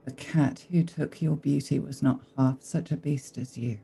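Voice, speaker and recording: A proud noblewoman in a tabletop role-play, voiced by a man speaks with cutting contempt. Her voice is dark and gravelly, with faint music underneath. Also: mid-range voice, steady tone, measured pace, heavily acted. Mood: disgusted scorn. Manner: cutting, disdainful.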